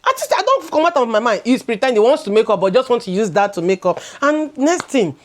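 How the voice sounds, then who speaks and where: A woman's voice: on the high side, very animated, fast talker. A woman in her thirties with a Nigerian accent, co-hosting a casual chat and sharing her views animatedly, slipping into Pidgin and repeating words as she goes. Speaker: co-host.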